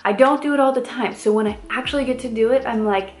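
A woman's voice: on the high side, quick pace. A woman in her thirties from the American Midwest, chatting casually to camera as a lifestyle vlogger in an upbeat way, with lots of "like" fillers. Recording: roomy echo with faint music.

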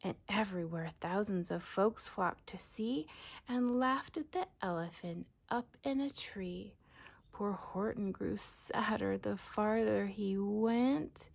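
A woman reading a rhyming children's storybook aloud in a sing-song way, often dropping to a soft whisper. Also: medium pitch, slow, creaky.

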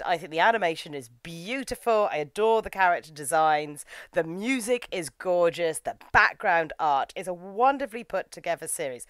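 Woman podcast host, enthusiastic reviewer, lower pitch, dry booth. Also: no echo. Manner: enthusiastic, gushing, acts out quotes. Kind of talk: casual anime review chat.

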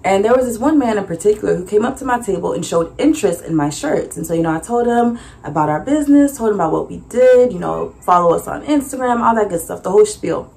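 A young woman vlogger casually recounting her vendor experience, acting out conversations with animated voices and frequent laughter. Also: fast talker, vocal fry. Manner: animated, acts out dialogue with big pitch jumps and laughs. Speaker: vlogger and small business owner. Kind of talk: casual storytelling recap.

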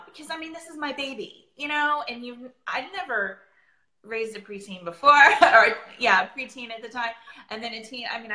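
A woman's voice: on the high side, bright, forceful tone, reverberant, rough recording. A woman in her forties, chatting casually as an essential oils presenter, rambling and laughing often. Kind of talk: casual chat.

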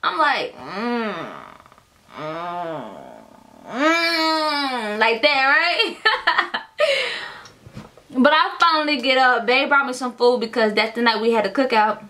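A young adult woman tells a rowdy storytime vlog in a high, bright voice. She curses freely and keeps talking straight to her viewers as y'all. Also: measured pace, long pauses. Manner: animated, profane storytelling, addresses viewers as y'all. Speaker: vlogger.

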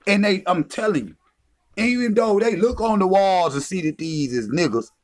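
A man's voice: high voice, lively intonation, moderate pace. A man delivering a heated, profane, taunting rant as a vlogger. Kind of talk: confrontational rant.

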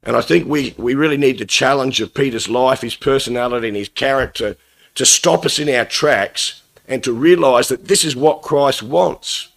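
A man's voice: medium pitch, moderate pace, creaky. A middle-aged man giving a Bible talk to his congregation, earnest and conversational, quoting scripture and translations. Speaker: lay preacher. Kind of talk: Bible talk, thought for the day.

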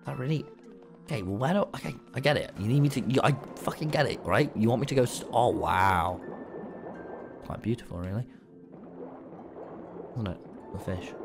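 Excitable man streaming a game. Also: medium pitch, moderate pace, creaky, pauses often, music in the background. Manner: excitable, mock-outraged, swears a lot. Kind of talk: casual gaming livestream.

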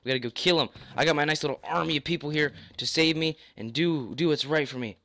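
A young man giving live gameplay commentary, hoarse with a worn-out voice, excitable, repeating phrases and yelping as he plays. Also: on the high side, fast, no room sound, studio quality. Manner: excitable, repeats phrases, yelps and laughs mid-sentence. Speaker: gaming YouTuber.

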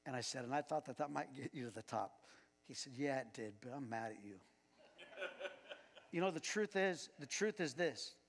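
A man's voice: on the high side, moderate pace, vocal fry, long pauses, slightly rough. A man preaching a sermon as pastor. He speaks conversationally and chuckles as he tells personal anecdotes. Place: church sanctuary. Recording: long church reverb.

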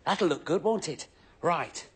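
A man's voice: fairly high pitch, lively intonation, unhurried, slight background noise. An actor playing a cheerful, eager-to-please station helper on a children's TV show, chatty and very polite, talking to himself as he works. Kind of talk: scripted children's TV acting.

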